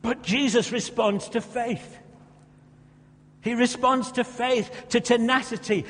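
A man's voice: extremely high pitch, fairly even intonation, takes it slowly, fairly bright tone. Male preacher, impassioned sermon, acts out characters, long reverb. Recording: reverberant hall.

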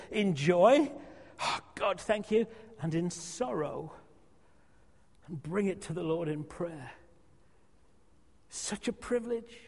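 A man preaching a sermon in a church, emphatic and repetitive, sometimes dropping to a soft hush. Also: high voice. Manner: emphatic, repeats phrases, drops to a soft hush. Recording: long hall reverb.

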